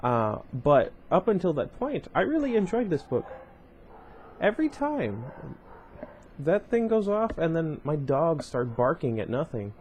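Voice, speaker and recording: A man's voice: on the high side, big pitch swings, a little slow, dull audio, a little hiss or hum. A man casually reading a novel aloud at home, breaking off often for rambling side comments full of fillers. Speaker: reader of a book series.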